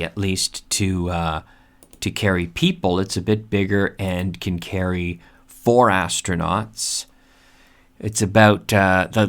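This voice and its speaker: A man hosting an English lesson, speaking slowly and repeating key words so learners can practice pronunciation. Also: on the low side. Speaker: English teacher and podcast host. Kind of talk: casual vocabulary lesson.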